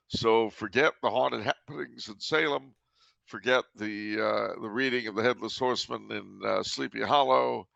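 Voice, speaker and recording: A male podcast host with a heavily gravelly, fry-laden voice at a middling pitch, talking in a dry, teasing way and tossing in sung jokes. The sound is dry and slightly dull, with no room sound. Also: fairly bright tone, dry recording. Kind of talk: casual podcast chat.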